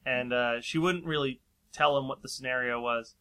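Bright-voiced man telling a story. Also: medium pitch, normal speed, smooth. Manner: rambling, laughs often, acts out quoted voices. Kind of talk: casual storytelling chat.

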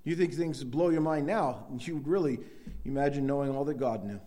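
A middle-aged man delivering a sermon to his congregation. He talks casually, with frequent restarts, then swells into emphatic bursts. His voice sits at an ordinary, medium pitch. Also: a little fast, dark tone. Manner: conversational preaching with many restarts, rising to emphatic bursts. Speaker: pastor.

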